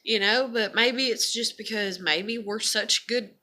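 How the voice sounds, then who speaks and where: A woman's voice: a little high, steady tone, unhurried, sharp tone. Rambling, cursing woman vlogger. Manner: rambling, profane, many fillers. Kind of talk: casual confessional vlog.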